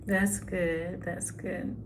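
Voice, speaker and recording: A woman talks in a slow, unhurried way. She greets viewers by name and answers them with sympathy, as if chatting on a live stream. A faint background hiss sits under her voice, recorded on her phone at home. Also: lowish voice, little pitch movement. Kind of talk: casual live-stream chat reading comments.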